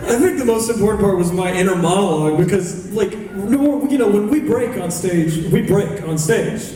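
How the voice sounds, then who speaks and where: High-voiced man telling a stage story. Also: moderate pace. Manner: animated, laughing. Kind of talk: onstage storytelling. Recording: echoey venue from a distance with loud crowd.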